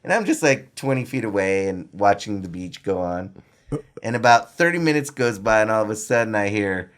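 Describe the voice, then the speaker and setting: A middle-aged man telling animated, laughing stories as a podcast guest. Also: fairly low pitch, moderate pace. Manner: animated, laughing storyteller with lots of "I'm like". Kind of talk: casual storytelling.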